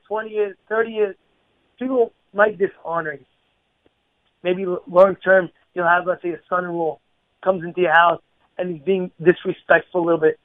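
A man's voice: sits high, dry recording. A man giving an informal moral lesson, repeating himself and asking rhetorical questions. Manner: repetitive, rhetorical questions, acts out quoted people. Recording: tinny phone-like dry recording.

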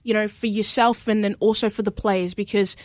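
A woman's voice: mid-range voice, steady tone, fairly quick, no room sound. Woman radio host. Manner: encouraging, asks long questions. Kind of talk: casual radio interview.

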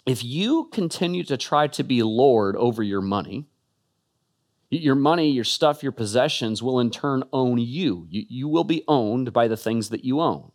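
A man giving an earnest, emphatic sermon-style talk as a Christian speaker, often stumbling into quick restarts. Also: medium pitch, animated, a little mellow.

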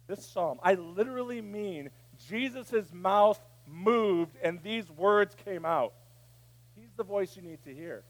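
A man preaching a sermon, dropping to a hush and then rising to a shout. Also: sits high, animated, slow. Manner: preaching, swinging from hushed to shouting. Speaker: pastor.

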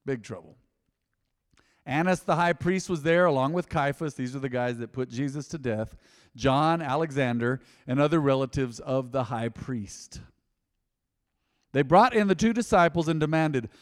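A pastor preaching a sermon, swinging between loud emphasis and hushed asides. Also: male voice, mid-range voice, normal speed, in a large hall. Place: church hall.

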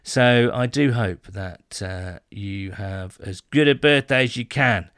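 A man from the United Kingdom hosts a casual fan podcast. He reads listener messages and answers each with a quick joke. His voice sits close and dry on the mic, with no room sound. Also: on the low side, fairly bright tone, dry recording. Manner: chatty, jokey, reads messages then reacts. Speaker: podcast host.

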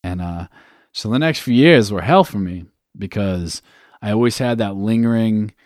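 A young man from New Hampshire, a guest telling a candid personal story in a casual, profane way, halting with fillers. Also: lowish voice, darkish tone, dry recording, clean studio sound.

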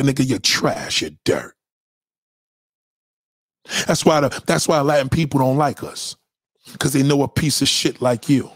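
High-pitched man in a profane rant. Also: no room sound, studio quality. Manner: profane, confrontational, swings between loud and low. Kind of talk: ranting monologue.

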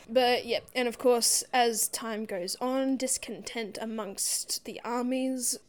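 Woman, casual book chat, rambling, filler-heavy, slightly high voice. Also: steady tone, slow pace. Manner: rambling plot retelling full of "like".

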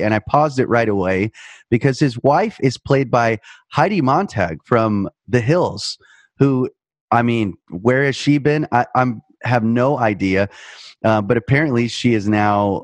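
A man's voice: medium pitch, no room sound. A man in his thirties hosting a podcast, reviewing a movie in a wry, joking tone, with fillers. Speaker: podcast host. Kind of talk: casual movie review chat.

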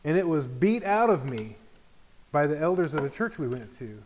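A man's voice: a little high, big pitch swings, moderate pace, a little mellow, slight background noise. A middle-aged man teaching an informal Bible study in a conversational way, often checking in with the group.

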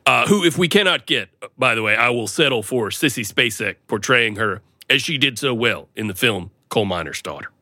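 A man chatting on a comedy podcast, his pitch bouncing all over the place. His voice is bright and forward, and the recording is close and dry with no room sound. He stays playful and keeps breaking into silly voices. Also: animated, normal speed, few pauses, dry recording. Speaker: podcast co-host. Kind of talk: casual comedic chat.

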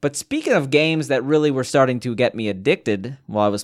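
A young man co-hosting a casual gaming podcast, talking in an animated, rambling way with many restarts and fillers. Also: mid-range voice, brisk, few pauses. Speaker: podcast co-host. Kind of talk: casual chat.

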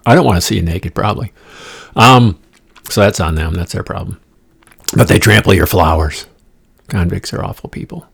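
Gravelly man rambling through a comic podcast. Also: deep voice, normal speed, pauses often. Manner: profane, digressive, playful asides and whispered jokes. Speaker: podcast host. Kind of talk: rambling comedic monologue. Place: condominium room.

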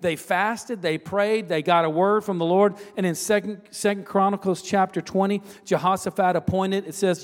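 Here a pastor delivers a sermon built around a personal story, chatting through it with asides and phrases he repeats. His high voice holds a steady tone at a moderate pace with few pauses, echoing with the long reverb of a big hall.

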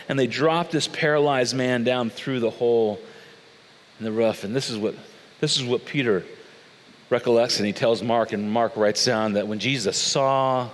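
A man delivering a sermon in a loose, storytelling manner, full of asides and questions to the listeners. His voice sits a little high for a man. It rings out with the long reverb of a large church hall. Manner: conversational, animated storytelling with asides. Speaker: pastor.

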